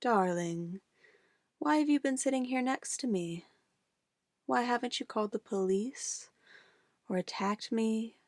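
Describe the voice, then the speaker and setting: A woman's voice: medium pitch, no room sound. Woman doing a possessive witch, whispered role-play, coaxing and controlling, close and dry. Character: possessive yandere witch, sweetly menacing.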